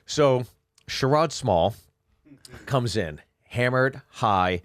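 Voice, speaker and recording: A man's voice: mid-range voice, extremely slow, no room sound. Dry-sounding man telling a comic story. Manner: animated storyteller, acting out voices of people in the story. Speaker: podcast co-host. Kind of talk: casual comedic storytelling.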